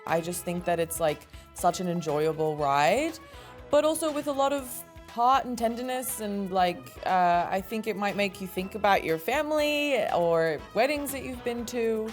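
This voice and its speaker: A woman's voice: mid-range voice, lively intonation, normal speed, faint music behind. A woman who is an actress, giving a thoughtful, hedging answer in an interview. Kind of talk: casual interview.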